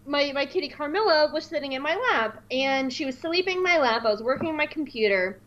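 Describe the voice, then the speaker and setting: Animated high-voiced woman podcaster. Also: a little fast, highs cut off. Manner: animated, laughing, acts out quotes in squeaky voices. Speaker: podcast co-host. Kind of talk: casual chat, recapping an episode.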